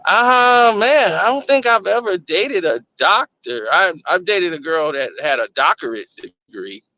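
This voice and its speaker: A man with a strikingly high, bright voice tells stories in a casual chat. His pitch swings widely as he laughs and acts out dialogue. The sound is dry and a little dull. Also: measured pace, dry recording. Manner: laughing, animated storyteller who acts out quoted dialogue. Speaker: podcast co-host.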